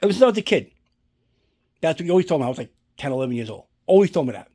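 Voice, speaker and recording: Speaking very fast and very animatedly, a man with a fairly high yet dark, breathy voice shows a collectible movie prop at home. It's a relaxed unboxing vlog where he rambles through a story and curses often.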